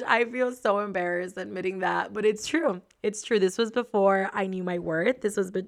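A woman hosts a show and tells a personal story in a relaxed, chatty way. Her voice carries a noticeable gravelly fry at a middling pitch. She is expressive, leans on plenty of fillers, and laughs often. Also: normal speed, few pauses. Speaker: host.

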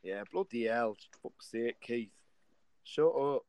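A young Englishman chatting casually with a friend. He is playful and teasing, with frequent laughter. His voice sits at an average pitch, recorded close and dry. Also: lively intonation, unhurried, darkish tone, clean tone, no room sound. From England. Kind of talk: casual chat.

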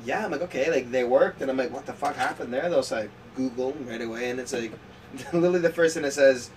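A man spins rambling stories at a fast clip, packing his speech with "like" and breaking into laughs. He sits a little off the mic, with clear background noise in the room. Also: medium pitch, distant mic. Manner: rambling storyteller, laughs often, says "like" a lot. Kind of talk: casual chat. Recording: noisy room, voice a bit off-mic.

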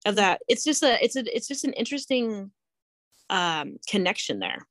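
Young female co-host, reflective and halting, dry sound. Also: mid-range voice, expressive, a bit bright, no echo. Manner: reflective, halting, many restarts. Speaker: podcast co-host. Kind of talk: casual faith conversation.

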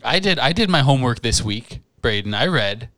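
A young man co-hosting a casual comedy podcast, joking and self-mocking with quick asides. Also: mid-range voice, lively intonation, a bit bright, no echo. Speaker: podcast co-host.

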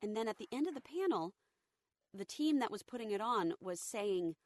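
A woman voice actor telling stories in a casual interview, her voice deep and rough as she recovers from an illness, acting out quotes with energy. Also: moderate pace, no echo. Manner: lively anecdotal, acts out quotes. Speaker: voice actor guest.

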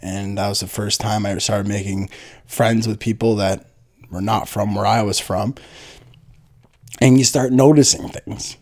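A man's voice: fairly low pitch, fairly even intonation, a little slow. A man, telling a rambling, profane comedic story full of fillers and restarts. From Niagara, Ontario, Canada. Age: 30s.

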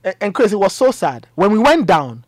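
A man, a mocking football pundit retelling a match in lively banter. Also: high voice, brisk, no echo. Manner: mocking, storytelling.

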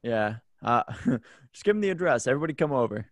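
A young podcast host with a mid-pitched voice and a dry, close sound runs the show from a home room. He swears freely, bursts into loud mock outrage and moves the chat along. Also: sing-song, fast talker, dry recording. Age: 20s. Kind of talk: casual podcast banter.

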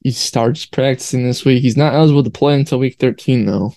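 A young man co-hosting a casual sports podcast, easygoing and quick to laugh. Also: medium pitch, mellow, no echo, clean studio sound. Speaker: podcast co-host.

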